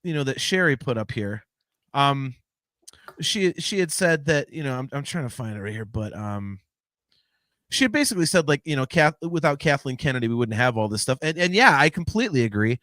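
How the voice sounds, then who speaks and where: A man hosting a podcast in casual chat, rambling with many restarts and lively swings in delivery. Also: medium pitch, fairly quick, no echo, clean studio sound. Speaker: podcast host.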